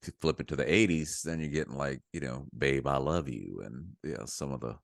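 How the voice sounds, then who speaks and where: A middle-aged man with a deep voice, co-hosting a casual talk show and telling stories in a halting, rambling way. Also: gravelly, no echo, studio quality. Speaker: co-host. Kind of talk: casual chat.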